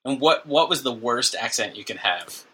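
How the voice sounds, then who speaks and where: Bright-voiced joking male co-host. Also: medium pitch, expressive, normal speed, breathy edge. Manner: joking, does brief mock voices. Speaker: podcast co-host. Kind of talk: casual comedic chat.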